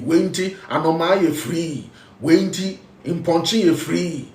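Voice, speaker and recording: A man's voice: on the high side, unhurried, a little mellow, distant mic. Emphatic Ghanaian man preaching in an echoey room. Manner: emphatic, repetitive, mixes English with local phrases. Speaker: spiritual teacher. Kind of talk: preaching talk.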